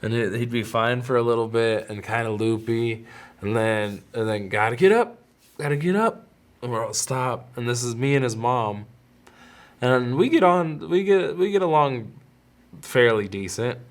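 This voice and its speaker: A man's voice: medium pitch, moderate pace. Rambling male podcast host telling a story. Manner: rambling, self-interrupting, with laughs and quoted voices. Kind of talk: casual storytelling monologue.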